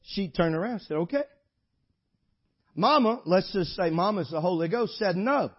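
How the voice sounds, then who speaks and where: A man preaching a sermon, shifting from loud exhortation to quiet storytelling. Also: high-pitched, lively intonation, moderate pace, slightly rough, lo-fi sound. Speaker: pastor.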